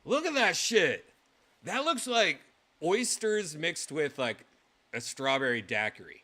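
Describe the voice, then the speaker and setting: A man hosting his own show, reacting to clips in casual livestream commentary, excitable and swearing freely with loud exclamations. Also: on the high side, slow pace. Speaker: show host.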